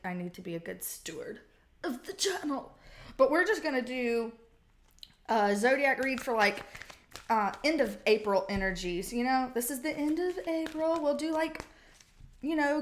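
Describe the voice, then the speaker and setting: A woman reading tarot cards in a casual vlog, chatty and profane, often laughing at her own stories. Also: fairly high pitch. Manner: profane, giggly, chatty storytelling. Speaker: tarot card reader.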